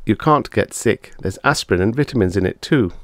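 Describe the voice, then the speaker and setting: A man's voice: lowish voice, lively intonation, brisk, dry recording, clean studio sound, lightly acted. A man voicing a bossy young boy who plays scientist and talks in a blunt, dismissive way.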